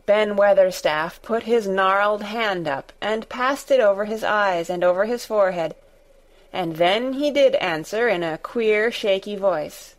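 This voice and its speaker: A woman narrating a storybook in a deliberate, expressive reading. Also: medium pitch, low-quality recording. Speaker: audiobook narrator.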